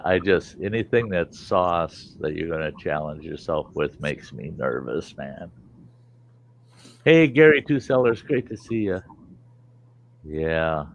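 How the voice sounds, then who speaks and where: A man with a low, gravelly voice tells a long, rambling story with salty language, slipping into the voices of the people he quotes. He speaks in an easy, casual chat style, as if hosting a livestream. The sound is dull and lo-fi. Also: lively intonation, takes it slowly, slight background noise. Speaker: host. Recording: dull lo-fi stream audio.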